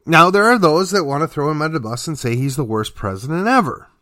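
A man's voice: on the high side, animated, quick pace, bright, forceful tone, no room sound, studio quality. A man hosting a political commentary show, delivering an emphatic opinion monologue with sarcastic asides.

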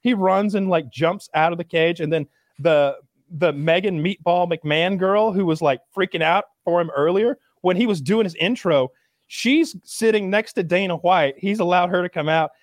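A young man chatting casually, telling excited stories, swearing and acting out crowd cheers. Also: sits high, moderate pace, dry recording, clean studio sound. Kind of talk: casual chat.

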